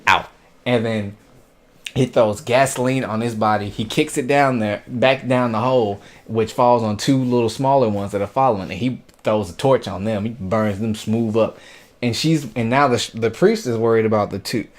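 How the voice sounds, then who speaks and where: A man casually recapping an anime episode, retelling scenes in an animated way with quoted lines and sound effects. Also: mid-range voice, normal speed. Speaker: anime reviewer.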